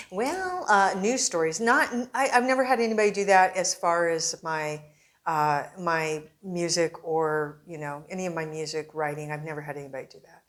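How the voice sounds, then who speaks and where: A woman reporter with a somewhat low-pitched voice, telling stories in a relaxed interview. She slips into other people's voices as she quotes them. The whole thing is animated and conversational. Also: normal speed. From Arizona. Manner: animated anecdotes with acted-out quotes. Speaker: newspaper reporter, interview guest. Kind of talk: casual storytelling interview.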